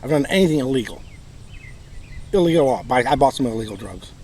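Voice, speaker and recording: A man's voice: mid-range voice, expressive, quick pace, darkish tone, slight background noise, low-quality recording. Bitter aggrieved man with a Michigan accent. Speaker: vlogger telling his own story. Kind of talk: personal monologue.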